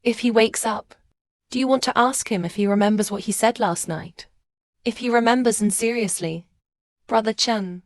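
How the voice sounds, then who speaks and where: A woman speaking dubbed drama dialogue in a plain, measured way. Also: a little high, no room sound, clean studio sound, natural voice.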